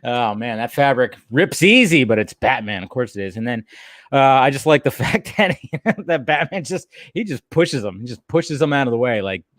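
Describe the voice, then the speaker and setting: Male podcast host, casual and animated, quick to laugh, dry close sound. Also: mid-range voice, no echo. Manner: animated, laughs often while talking. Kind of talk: casual chat.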